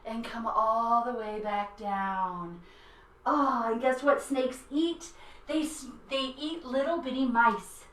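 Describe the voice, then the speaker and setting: A woman's voice: fairly high pitch, slow, a bit bright. A woman guiding a children's yoga class in a playful, encouraging way. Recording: roomy echo, mic at a distance.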